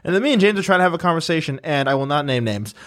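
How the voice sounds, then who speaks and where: A man's voice: on the high side, animated, racing, fairly bright tone. A young man hosting a casual podcast, rambling through a story with a lot of "like" and restarts. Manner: rambling storyteller, heavy use of "like". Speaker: podcast host. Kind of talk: casual chat.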